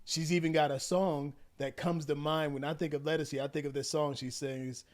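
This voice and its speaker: A man's voice: fairly high pitch, brisk, few pauses. A man giving relationship advice to viewers, retelling a story animatedly and acting out the quotes. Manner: animated, acts out quotes, addresses viewers as y'all. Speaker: relationship coach. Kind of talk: commentary vlog.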